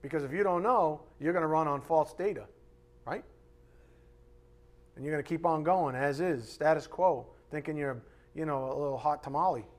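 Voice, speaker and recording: A male pastor preaching a live sermon, reading scripture aloud and acting out voices in lively asides. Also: a little high, moderate pace. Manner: animated preaching, reads scripture aloud, acts out God's voice in asides. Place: church sanctuary.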